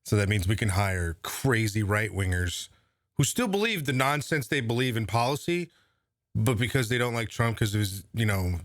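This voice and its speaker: A man's voice: fairly low pitch, dry recording, clean studio sound. A man hosting casual political commentary, sarcastic and profane, rambling as he goes. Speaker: host.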